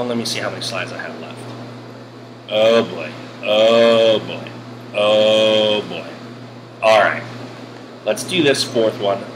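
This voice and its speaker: A man teaching a grammar lesson over slides, animated and joking with exclamations. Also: medium pitch. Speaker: English teacher. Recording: air conditioning hum behind.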